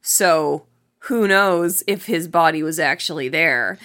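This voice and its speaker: A woman's voice: deep voice, slow, fairly bright tone. A woman co-hosting a podcast, casually recapping a film in chatty conversation. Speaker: podcast co-host.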